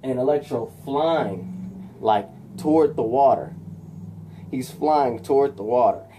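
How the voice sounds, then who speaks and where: A man casually retelling a movie fight scene, animated and shouting sound effects, with many fillers. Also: mid-range voice, slow, a little hiss or hum. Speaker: video host recapping a film.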